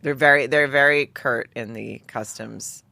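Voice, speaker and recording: A woman's voice: extremely low pitch, unhurried, creaky, bright, forceful tone, no room sound. A woman guest on a podcast, chiming in with short reactions and dry asides in casual chat.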